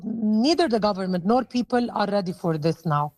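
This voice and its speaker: A middle-aged Lebanese woman with an accent, speaking English as a second language to an interviewer over the phone, halting, with many restarts. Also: medium pitch, expressive, a little mellow, no room sound, poor audio. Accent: Lebanese Arabic. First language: Arabic. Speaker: interviewee, hotel owner.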